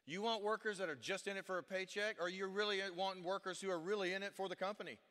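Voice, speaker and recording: A man preaching a sermon as pastor, emphatic and preacherly, swinging from loud rhetorical questions to hushed, earnest passages. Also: high voice, fairly even intonation, fast. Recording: long reverb of a church hall.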